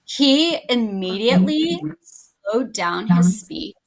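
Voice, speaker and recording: A woman's voice: mid-range voice, big pitch swings, takes it slowly, rough recording. A woman, a guest teacher chatting casually on a podcast, talking in an effusive way and often restarting her sentences. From Canada.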